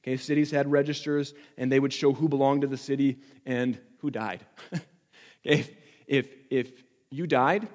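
A man preaching a sermon to his church, building to emphatic repeated lines and dropping back to quiet reflection. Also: mid-range voice, steady tone, normal speed, long reverb tail. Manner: impassioned preaching with rising emphatic repetition. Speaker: pastor.

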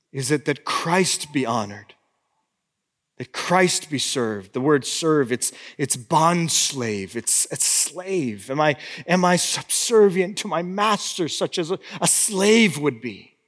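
A pastor delivers a sermon in a high, unhurried voice that rings through a long hall echo. He presses hard with rising exhortations, then drops to a near-hush for intimate appeals to his congregation. The sound is that of a man speaking in a large church sanctuary. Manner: swings between fervent exhortation and hushed, intimate appeals.

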